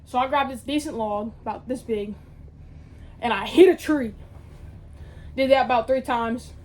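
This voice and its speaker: A young woman telling a story in a casual, animated way, full of slang and swearing. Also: fairly high pitch, normal speed. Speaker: vlogger.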